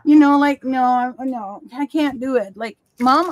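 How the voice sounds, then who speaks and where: Animated high-voiced woman chatting on a stream. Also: slow pace. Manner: animated storytelling, acting out quoted voices with laughs. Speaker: co-host of a live crafting stream. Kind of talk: casual chat. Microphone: live stream call.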